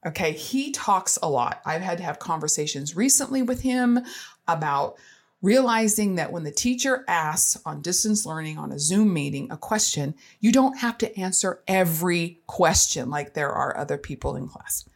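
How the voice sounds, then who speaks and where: Candid low-voiced woman telling a story. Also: normal speed. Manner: frank, expressive, self-deprecating, laughs easily. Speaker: parent sharing experiences.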